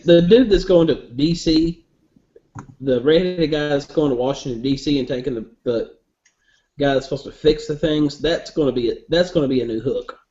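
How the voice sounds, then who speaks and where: A man with a mellow, dark-toned voice chimes in with blunt, joking comments during a casual panel chat. His audio sounds slightly dull and lo-fi. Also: on the high side, moderate pace. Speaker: panel member. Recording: muffled lo-fi audio.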